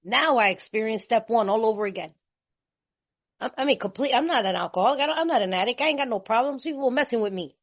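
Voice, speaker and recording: A woman from California shares her recovery story with a slightly high voice, laughing often and talking in a loose, colloquial way. The sound is a bit muffled and lo-fi. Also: expressive, quick pace. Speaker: recovery meeting speaker.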